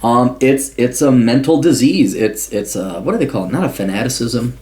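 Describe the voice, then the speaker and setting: Man, angry rant, profane, blunt, stumbling restarts, medium pitch. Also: animated, normal speed, a little mellow. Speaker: vlogger answering viewer questions. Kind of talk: ranting commentary monologue.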